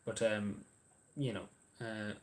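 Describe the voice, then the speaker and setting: A man's voice: lowish voice, level tone, takes it slowly. An Irish man chatting casually on a livestream, answering viewers' messages in a rambling, hesitant way with lots of ums and restarts.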